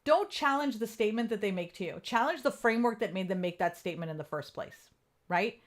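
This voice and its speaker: A woman coach talking casually and candidly on a live stream, animated and swearing freely. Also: medium pitch, fairly quick.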